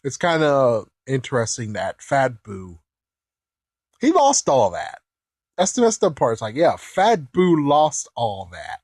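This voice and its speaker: A man hosting a casual episode commentary, excitable and chuckling, with mild swearing. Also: mid-range voice, a little slow, husky, dry recording. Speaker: anime reaction host.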